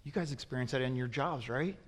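A pastor delivers a sermon in a mid-range voice at a fairly quick pace, asking his congregation rhetorical questions. When he warns them, he becomes forceful and emphatic. A large hall's long reverb surrounds him.

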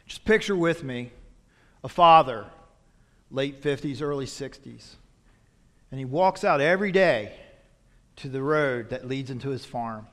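A male pastor preaching a sermon, telling a story that moves from hushed to loud. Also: medium pitch, animated, unhurried, pauses often. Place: church sanctuary. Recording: long reverb in a church hall.

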